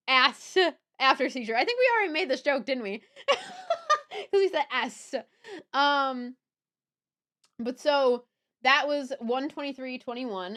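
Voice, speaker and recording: A woman's voice: sits high, fairly bright tone. A young woman streaming live, chatting casually and rambling with chat, swearing and laughing easily.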